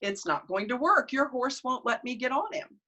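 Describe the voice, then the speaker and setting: The sly male coyote trickster of a folk tale, as a woman storyteller puts him on, speaking in a bright, lively voice. He talks smoothly and without hurry, and sounds perfectly innocent while he plays his tricks. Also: sits high, moderate pace, pitched above the performer's own voice, heavily acted.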